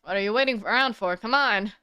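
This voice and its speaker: A woman doing a loud, pushy southern gal photographer, all folksy swagger, her put-on drawl crisp and smooth against a dry, close sound with no room echo. She barrels through her lines with eager bluster, as if reading the game's dialogue aloud. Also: mid-range voice, a little fast, lightly acted. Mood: brash. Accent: put-on American Southern. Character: brash southern female paranormal photographer.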